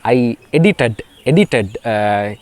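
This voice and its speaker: With lively intonation and a darkish tone, a mid-range Sri Lankan man gives a beginner spoken English lesson. Sinhala is his first language, and his delivery is halting, packed with fillers and repeated words.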